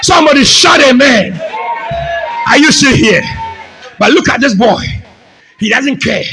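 A man preaching a fervent sermon as pastor, often shouting and calling the congregation to say amen. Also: very high-pitched, animated, unhurried, long pauses, crowd noise, noisy background.

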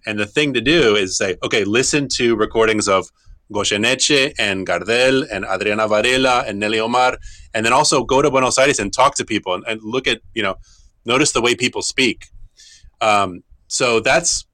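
Bright-voiced middle-aged man explaining, halting. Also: fairly low pitch. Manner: thoughtful, halting, with frequent restarts. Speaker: tango guitarist and teacher. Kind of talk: explanatory interview answers.

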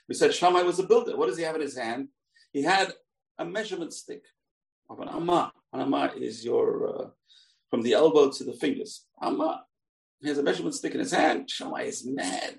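A man teaching a Talmud lesson as a lively story, acting out the characters' lines. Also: on the high side, fairly quick, gravelly, recorded from a distance. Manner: animated, acts out the characters' lines. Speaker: Torah teacher.

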